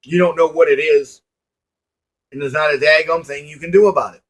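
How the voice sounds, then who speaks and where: A man's voice: on the high side, steady tone, fairly quick. A man giving a preachy motivational monologue to his viewers, folksy and emphatic, repeating lines and asking rhetorical questions. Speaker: online commentator.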